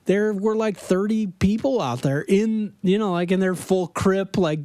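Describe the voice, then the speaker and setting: Slow, laughing storyteller man. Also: high voice, dark tone, dry recording. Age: adult. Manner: laughs often while telling a story. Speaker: podcast guest. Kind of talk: casual storytelling.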